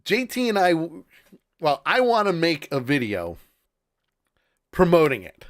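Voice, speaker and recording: Man, stream host, casual chat, animated pitch, chuckling, muttering asides. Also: measured pace. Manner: chatty, laughs often, trails off while searching. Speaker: podcast host.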